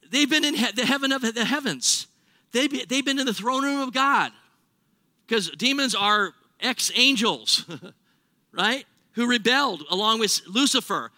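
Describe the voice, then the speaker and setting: A man preaches to his congregation in an animated, chatty style, slipping into sarcastic acted-out quotes. His voice sits high and rings very bright. The sound is dry and close, with no room echo. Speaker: pastor. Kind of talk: sermon.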